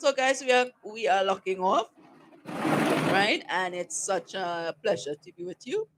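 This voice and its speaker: A woman's voice: medium pitch, animated, a little slow, very noisy. A woman co-hosting a talk show, giving casual advice and teasing her co-host, laughing often.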